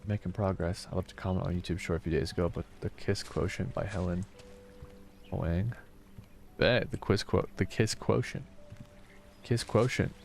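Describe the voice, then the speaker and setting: A man in his thirties, a streamer chatting casually while gaming, soft-spoken because he is tired and low on energy. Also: gravelly. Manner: soft-spoken, reading and answering chat.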